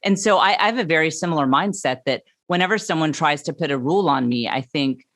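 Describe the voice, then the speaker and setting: A woman, a comedian guest telling stories in an animated, emphatic way. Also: deep voice, fast, dry recording, clean studio sound. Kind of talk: casual interview chat.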